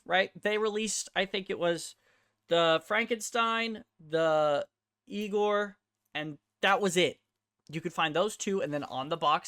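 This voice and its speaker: A woman's voice: low voice, fairly bright tone, no echo, studio quality. A woman hosting her own vlog, ranting in a blunt, profane and heated way and throwing rhetorical questions at the viewer. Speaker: host. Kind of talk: ranting toy-collector vlog.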